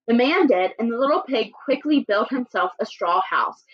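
Lively teacher reading a storybook aloud. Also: female voice, fairly high pitch, normal speed, hardly any pauses, highs cut off. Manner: animated, checks in with listeners often. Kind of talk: classroom lesson and read-aloud.

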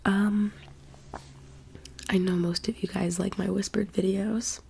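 A young woman who is sick with the flu, talking in a soft-spoken, half-whispered ASMR ramble full of fillers. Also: medium pitch, little pitch movement, takes it slowly, creaky, a little hiss or hum. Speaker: ASMR channel host.

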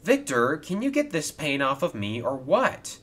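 A man's voice: on the high side, very animated, a little slow, fairly bright tone, voice pushed up, exaggerated voice. A man voicing a cheeky young male tank engine in a toy train storybook video, whiny and indignant.

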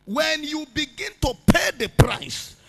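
A man preaching a sermon, swinging from low spoken phrases to shouted, chanted lines and prayer in tongues. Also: expressive, slow, vocal fry. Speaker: pastor. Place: church meeting at a camp.

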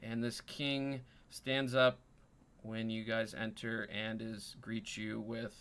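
A man narrating as dungeon master in an unhurried way, pausing often with ums. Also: lowish voice, flat delivery, a bit bright, smooth. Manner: unhurried, many ums and pauses. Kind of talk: narrating a tabletop game.

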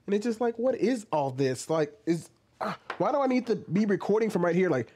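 This man's voice sits high and slightly rough, and he talks fairly quickly. He's doing casual reaction commentary on a video, sounding incredulous and animated, piling on rhetorical questions and mimicking asides along the way.

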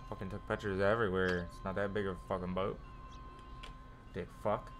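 A man's voice: sits low, little pitch movement, a little fast, pauses often, slight background noise. A young man streaming a game live, ranting irritably with constant swearing. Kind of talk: live gameplay commentary. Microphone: desk mic with facecam.

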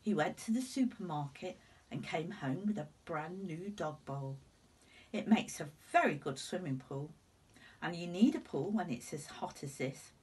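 A woman, a teacher, reading a storybook aloud in an expressive way, dropping into whispered asides. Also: on the low side, unhurried, slightly rough. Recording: voice a bit far from the mic.

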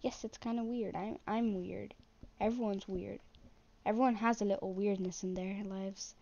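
A young woman commenting on her own gameplay in a flat, self-deprecating way, muttering to herself as she plays. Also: mid-range voice, normal speed, gravelly, muffled recording. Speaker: gaming channel host.

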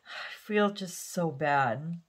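A woman nail art vlogger chatting casually while doing her nails, telling a rambling story with lots of fillers and sometimes dropping to a soft near-whisper as she works. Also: low-pitched, slow pace, a little hiss or hum.

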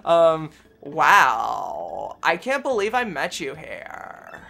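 A man's voice: on the high side, wildly swooping pitch, very slow, gravelly, pushed and bright. Joking man, game co-host. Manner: joking, fake-innocent. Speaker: let's play co-host. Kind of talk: casual game commentary.

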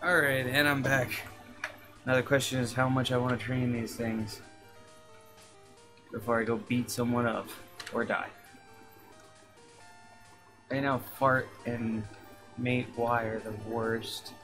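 A man's voice: medium pitch, level tone, takes it slowly, long pauses, over music. A man casually commenting on his own gameplay, joking and swearing, often slipping into a playful pirate "yar". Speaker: gameplay streamer. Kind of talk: casual let's-play commentary.

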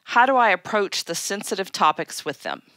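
A woman co-hosting an advice show, reading listener questions briskly. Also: mid-range voice, expressive, pushed and bright, no echo. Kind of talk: reading questions, casual banter.

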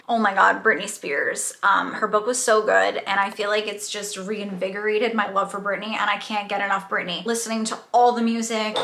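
A woman's voice: mid-range voice, vocal fry, pushed and bright, echoey room. A young woman rambling candidly as she does her makeup in a casual get-ready-with-me chat. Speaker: beauty vlogger.

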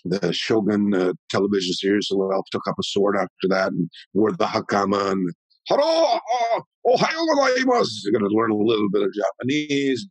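Husky-voiced man telling stories. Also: on the low side, brisk, few pauses, dry recording, poor audio. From Canada. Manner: animated, rambling storyteller. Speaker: guest, martial arts historian. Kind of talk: conversational storytelling.

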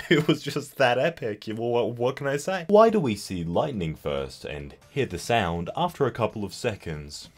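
A young man hosting comedy commentary, sarcastically reading and mocking bad memes with loud outbursts and put-on voices. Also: mid-range voice, sing-song, measured pace.

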